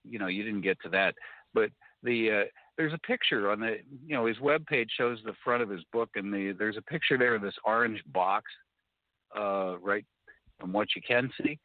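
Man, caller, rambling and halting, low voice, tinny dry phone line. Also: no echo. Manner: rambling, halting, many restarts. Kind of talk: casual phone conversation.

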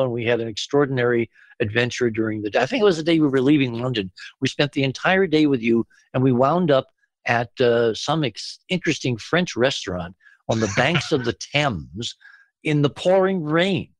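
A man's voice: medium pitch, expressive, normal speed, no room sound. A man hosting a late-night radio show, chatting familiarly with a guest and rambling through fillers. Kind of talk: casual radio interview.

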